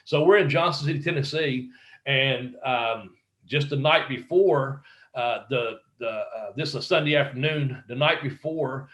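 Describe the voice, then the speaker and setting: A man's voice: mid-range voice, measured pace, a bit bright, low-quality recording. A middle-aged man, a former pro wrestler, telling backstage stories in a casual interview, acting out quotes, swearing freely and laughing often.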